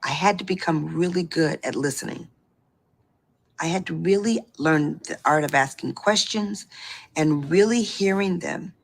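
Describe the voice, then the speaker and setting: A middle-aged woman telling her personal story in an animated way, laughing and acting out what people said. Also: low-pitched, measured pace, vocal fry. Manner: animated, laughing, acts out quotes.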